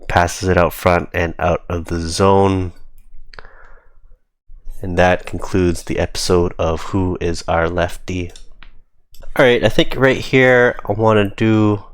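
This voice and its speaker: A man's voice: low-pitched, smooth, no room sound. A man casually reviewing his hockey team's game footage, giving easygoing, amused play-by-play.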